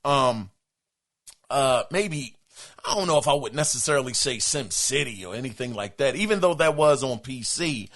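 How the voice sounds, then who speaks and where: A man's voice: mid-range voice, animated, moderate pace, fairly bright tone. A man hosting a podcast, reading a listener email in casual chat, exclaiming, laughing and stammering as he talks. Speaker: podcast host.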